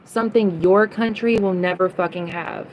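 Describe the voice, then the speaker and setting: A woman's voice: mid-range voice, fairly even intonation, moderate pace, lo-fi sound, slight background noise. A young woman livestreaming, ranting at chat comments in a heated, profane way and repeating lines for emphasis. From United States.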